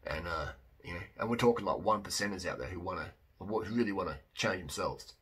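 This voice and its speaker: A man's voice: low-pitched, a little fast, fairly bright tone, slightly rough. A man talking casually to camera as a fitness vlogger and coach, emphatic and blunt, with many restarts.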